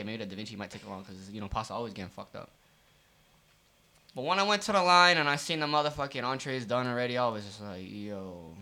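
A man co-hosting a podcast, telling a profane, animated story about his restaurant job with lots of fillers. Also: lowish voice. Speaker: podcast co-host. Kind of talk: casual storytelling rant.

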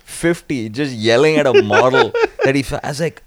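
A man's voice: medium pitch, moderate pace, background noise. A man co-hosting a comedy podcast, rambling through stories and laughing often. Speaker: podcast co-host. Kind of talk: casual comedic chat.

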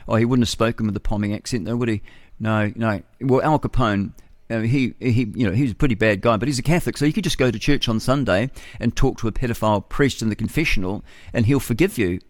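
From the radio studio, a middle-aged New Zealand breakfast host delivers a rambling, opinionated talk-radio monologue, chuckling at his own jokes. He talks fast in a mid-range voice, and the recording is dry.

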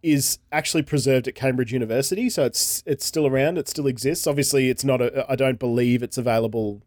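A man's voice: mid-range voice, fast, a little mellow, dry recording, studio quality. A man co-hosting a casual podcast, rambling with fillers and restarts as he reads out a story summary. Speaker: podcast co-host. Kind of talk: casual chat, reading a synopsis aloud.

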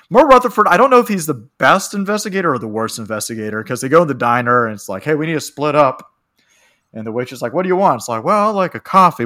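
A man's voice: mid-range voice, fairly bright tone. A man chatting casually on a podcast, recapping a film in a rambling way, often laughing and acting out lines. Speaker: podcast co-host.

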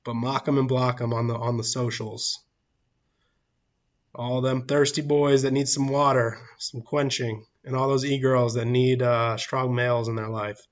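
Guy rambling on his livestream, laughs a lot, middle pitch, kinda muffled lo-fi audio. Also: level tone, measured pace. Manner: rambling, laughs often, thanks chat viewers. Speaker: livestream host. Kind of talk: casual livestream chat. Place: church, public place.

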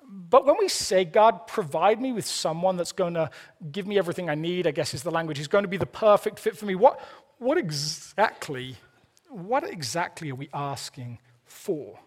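A man's voice: sits high, animated, moderate pace. A man preaching a sermon, earnest with playful asides, often repeating the first word of a phrase. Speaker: pastor.

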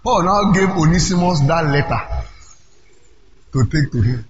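A middle-aged Nigerian-accented man preaching a conference sermon, animated and breaking into shouts. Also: fairly high pitch, moderate pace. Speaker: pastor. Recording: echoey, dull, noisy hall recording.

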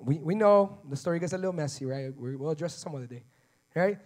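A man preaching a sermon, animated, acting out little dialogues with God and repeating phrases for emphasis. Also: fairly high pitch, fast. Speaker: pastor.

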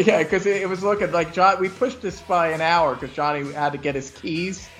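Man, animated podcast host, swears casually, fairly high voice. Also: moderate pace, soft background music. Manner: animated, swears, laughs often. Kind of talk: casual chat about music.

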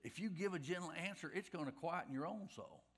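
Pastor guy, middle-aged, talks folksy and repeats himself, highish bright voice. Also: quick pace, husky. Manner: folksy, conversational preaching with repeated phrases. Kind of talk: sermon.

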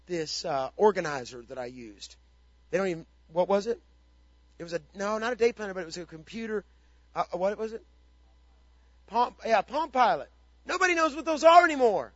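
High-voiced, emphatic preaching man. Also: fairly bright tone, no echo, dull audio. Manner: emphatic, repeats rhetorical questions. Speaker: pastor. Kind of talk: motivational ministry talk.

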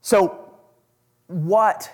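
A male pastor with an Oklahoma accent preaching a casual, conversational sermon and reading scripture slowly with emphasis. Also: high-pitched, a little mellow.

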